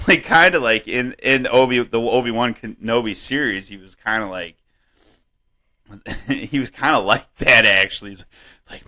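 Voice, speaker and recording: A man co-hosting a comedy podcast, rambling and swearing in casual chat, laughing often and jumping up in pitch when worked up. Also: unhurried. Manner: animated, voice jumps up when worked up. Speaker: podcast co-host.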